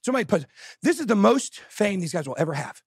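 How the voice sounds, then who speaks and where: High-pitched ranting man. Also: sing-song, quick pace, husky, dry recording, studio quality. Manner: loud, exasperated, insulting, often shouting. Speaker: show host. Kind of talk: heated rant on a live show.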